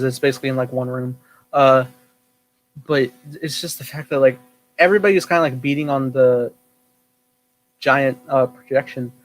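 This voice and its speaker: A man's voice: mid-range voice, poor audio. A man hosting a podcast, chatting casually about films and acting out his own reactions. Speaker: podcast host. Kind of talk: casual film review chat.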